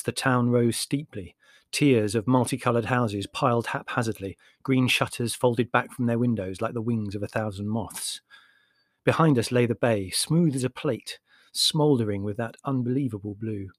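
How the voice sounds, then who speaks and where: A measured male audiobook narrator reads scripted narration in a mid-range voice. The studio sound is clean, with no room sound.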